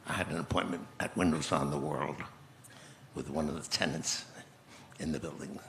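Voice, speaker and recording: Gravelly, deep-voiced man in his nineties. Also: steady tone, fairly bright tone, a little hiss or hum. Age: 90s. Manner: measured, reflective storytelling with pauses. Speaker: conference guest speaker. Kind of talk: recounting memories on stage. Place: conference stage.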